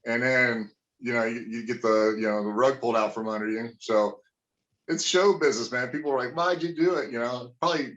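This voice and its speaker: A man's voice: medium pitch, fairly quick, fairly bright tone. A man who is a former pro wrestler, telling stories from his career in a casual interview, swearing freely and rambling with lots of fillers. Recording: dull lo-fi sound.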